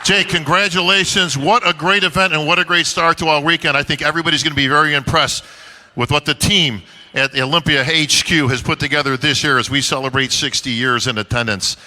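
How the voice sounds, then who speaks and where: A man speaks as host of a live press conference, his voice bright and a little high. He reminisces and warmly introduces guests to the room. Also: fairly quick, some chatter behind, rough recording. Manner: reminiscing, animated emcee. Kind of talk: emcee speech to audience.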